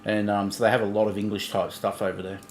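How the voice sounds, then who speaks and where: A middle-aged man co-hosting a livestream in blunt, animated casual chat, swearing freely. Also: on the low side, fast talker, reverberant, a little hiss or hum. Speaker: livestream co-host.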